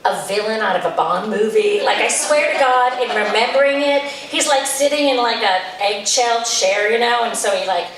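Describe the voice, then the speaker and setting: A woman's voice: fairly high pitch, normal speed, hardly any pauses, a bit bright, very echoey, distant mic, poor audio. A woman telling a comic story to an audience, chatty and exasperated, slipping into voices for the people she describes. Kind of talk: live storytelling set.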